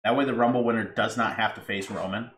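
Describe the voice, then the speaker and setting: A man co-hosting a podcast who chimes in with questions and lays out his own ideas in a measured way. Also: fairly low pitch, fairly even intonation, fairly bright tone. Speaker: podcast co-host. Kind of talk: casual chat. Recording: echoey room with faint noise.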